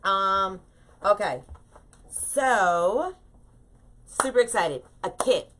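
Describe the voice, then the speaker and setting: Hosting a casual wreath-making livestream, this middle-aged woman cheerfully welcomes viewers by name and chats with them. She speaks at a measured pace in a lowish, fairly bright voice, with a little hiss or hum in the audio.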